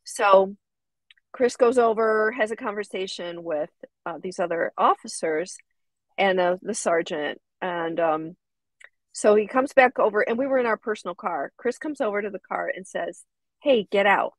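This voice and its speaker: A middle-aged woman with a medium-pitched voice co-hosts a casual talk show. She tells a personal story in a chatty way and retells quoted lines. The recording is dry and close. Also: moderate pace, dry recording, rough recording. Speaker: co-host.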